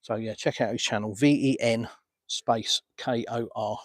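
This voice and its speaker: A man's voice: medium pitch, fairly even intonation, unhurried, dry recording. An Englishman casually answering viewer comments on a live stream from a beach, filmed on a phone. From England. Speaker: vlogger answering live chat. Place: outdoors on a beach.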